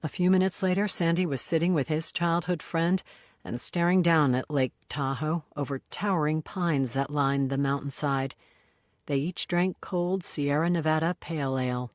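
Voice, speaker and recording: An audiobook narrator reads a crime novel aloud as scripted narration, keeping an even, measured storytelling voice at medium pitch. The sound is clean studio quality with no room sound.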